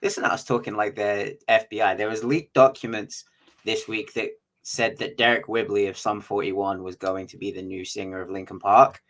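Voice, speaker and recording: A man's voice: fairly low pitch, level tone, normal speed, fairly bright tone, low-quality recording. A man co-hosting a casual podcast over a remote link, cracking dry jokes and speaking bluntly with plenty of swearing. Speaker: podcast co-host. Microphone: remote recording over an online studio.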